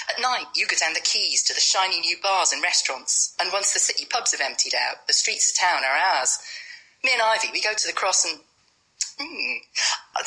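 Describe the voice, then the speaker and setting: A woman gives voice to a homeless street dweller, sitting on the pavement beside her dog. The voice sits fairly low yet sounds very bright and sharp, and the talk is blunt, wry and full of swearing. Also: rough recording. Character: a rough sleeper with her dog, bitter and wry. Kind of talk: dramatic monologue.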